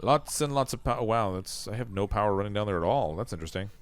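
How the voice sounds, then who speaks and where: A man's voice: fairly low pitch, animated, quick pace, slight background noise. Canadian man thinking aloud while streaming. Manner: self-mocking, thinks aloud while building. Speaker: game streamer. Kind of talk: casual livestream commentary.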